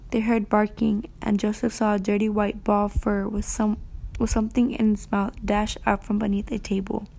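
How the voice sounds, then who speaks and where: A woman reading a novel chapter aloud for a podcast, pausing to comment on the story. Her delivery is soft and often half-whispered. The voice is mellow and dark in tone. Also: medium pitch, flat delivery, gravelly. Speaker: student reader.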